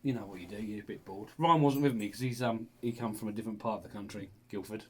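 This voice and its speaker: A man's voice: on the low side, fast talker, slight background noise. A middle-aged man co-hosting a radio show, telling rambling stories in casual banter. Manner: lively, rambling storyteller. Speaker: radio co-host.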